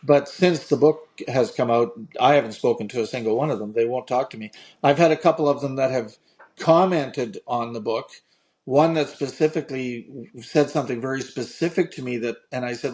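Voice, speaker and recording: A man's voice: medium pitch, moderate pace, darkish tone. A male author talks as a podcast guest, earnest and explaining his side. He has a mid-range voice and keeps a conversational tone. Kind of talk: casual interview chat.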